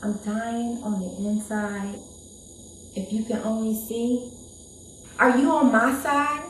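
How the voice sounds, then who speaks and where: A woman's voice: a little high, fairly even intonation, takes it slowly, slight background noise. A woman playing a broken, pleading young woman. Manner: pleading, emotionally raw delivery. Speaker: actress performing dramatic poems. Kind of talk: dramatic poetry performance. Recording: echoey room.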